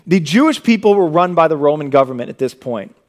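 Animated preaching man with a raised pitch. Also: fast talker. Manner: dynamic preaching, swinging from loud emphasis to hushed low tones. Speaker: pastor. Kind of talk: sermon.

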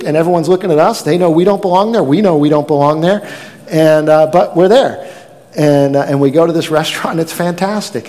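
A man's voice: on the high side, darkish tone, long reverb tail. A man preaching a sermon as pastor, telling stories with animation and acting out quoted lines.

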